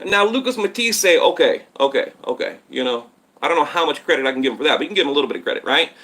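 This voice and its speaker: A man hosts a casual boxing live stream from home, talking straight to his viewers and wandering between points as he reads their comments. His voice sits high and cuts through with a bright, tense edge. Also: animated, rapid-fire. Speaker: boxing channel host. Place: home setup in Texas. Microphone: tablet on live stream.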